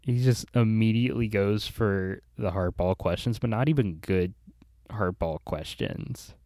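Dry, critical young man, lowish voice. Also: unhurried, dark tone, dry recording. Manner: dry, critical, repeats words when starting. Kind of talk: casual film chat.

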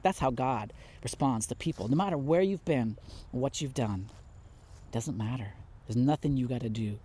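A middle-aged man delivers a heartfelt sermon in a husky, breathy voice. He pleads with real passion, dropping soft and then rising loud, close to tears. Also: mid-range voice, normal speed. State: near tears. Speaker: preacher.

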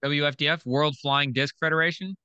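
A man's voice: a little high, steady tone, brisk, bright, forceful tone, clean tone, highs cut off. A man co-hosting a sports podcast, throwing in joking asides during casual chat. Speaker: podcast co-host.

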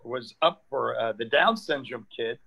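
A man's voice: mid-range voice, measured pace, creaky, husky, rough recording. An older man from New York, a comedian chatting casually and acting out the people in his stories. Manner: animated storyteller acting out quoted exchanges. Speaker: comedian guest. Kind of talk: casual storytelling chat.

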